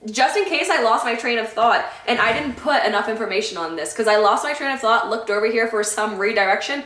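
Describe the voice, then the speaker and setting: A woman's voice: on the high side, a little fast, fairly bright tone. A woman vlogger talking to camera in a casual sit-down chat, heartfelt and rambling, often losing her train of thought. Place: indoor room away from her home. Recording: echoey room.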